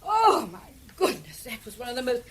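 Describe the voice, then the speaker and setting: A woman's voice: on the high side, very animated, moderate pace, background noise. An actress playing a flustered aristocratic English lady in a 1950s radio play, fluttery and exclamatory.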